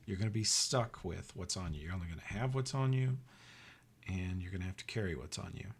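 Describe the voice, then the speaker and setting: A man with a fairly low voice reads rules out at the game table. He gives blunt, joking advice to the other players. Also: a little fast, breathy edge. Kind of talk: casual game-table chat.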